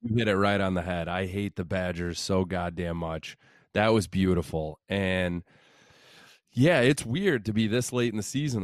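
A man co-hosting a podcast in casual sports chat, eager and quick with short reactions. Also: sits low, clean tone, no room sound, studio quality. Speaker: podcast co-host.

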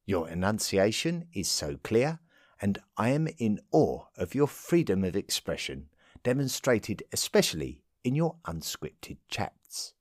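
A man's voice: on the low side, darkish tone, no room sound, studio quality, full character voice. A man reading out a fan letter in a put-on voice as a grateful Australian woman listener.

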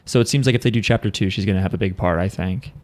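A man's voice: low voice, very fast, a little mellow. A man in a casual movie discussion, rambling along with lots of ums and self-corrections. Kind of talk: casual chat.

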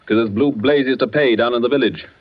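A man playing a brisk skeptical young doctor. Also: mid-range voice, close to an everyday voice. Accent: English. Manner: brisk, dismissive, cheerful. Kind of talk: 1940s radio acting. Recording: dull lo-fi old radio recording.

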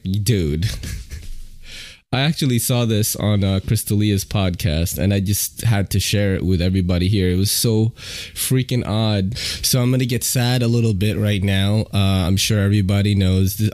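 A man's voice: lowish voice, darkish tone, no room sound. A man hosting a podcast in casual, rambling chat, often laughing and using many fillers. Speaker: podcast host.

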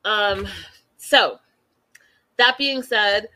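A woman hosting a casual recap chat over a video call, animated and talking straight to her co-host. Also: mid-range voice, extremely slow. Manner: animated, acts out quotes, addresses co-host by name. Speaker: podcast host.

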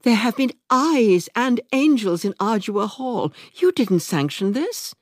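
A woman voicing a panicked middle-aged woman who wails her words in a high, breathless voice. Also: sing-song, takes it slowly, dry recording, clean studio sound, heavily acted. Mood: alarmed.

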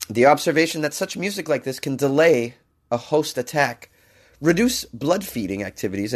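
Sarcastic man riffing on a science story. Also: medium pitch. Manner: jokey, sarcastic asides, mock-crooning bits. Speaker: commentator reading a news story. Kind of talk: casual comedic commentary.

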